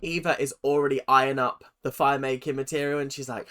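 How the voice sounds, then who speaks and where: Excitable man reacting on camera. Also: fairly high pitch, moderate pace, few pauses. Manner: excitable, swears often, talks back at the screen. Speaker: reaction channel host. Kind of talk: casual reaction commentary.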